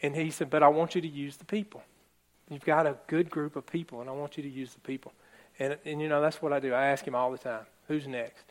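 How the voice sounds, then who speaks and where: A man's voice: fairly high pitch, steady tone, fast talker. A male pastor preaching a conversational sermon to his congregation, emphatic and often asking for an amen. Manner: emphatic, asks the congregation for amens. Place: church service before a congregation.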